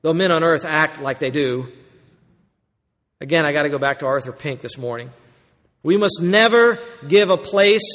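Pastor, male, high voice, emphatic sermon delivery, long hall reverb. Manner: emphatic, swings between loud and quiet.

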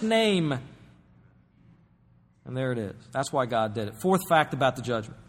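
A man's voice: medium pitch, sing-song, normal speed, pauses often, big-room sound. A man preaching a sermon as pastor, emphatic, with bursts of raised voice.

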